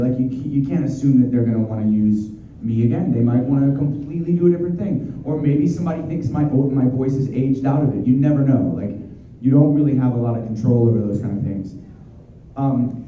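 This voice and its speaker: A man, a voice actor, answering fan questions at a convention in an excitable, energetic, chatty way. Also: mid-range voice, a little hiss or hum. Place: convention hall. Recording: dull, distant, very echoey hall.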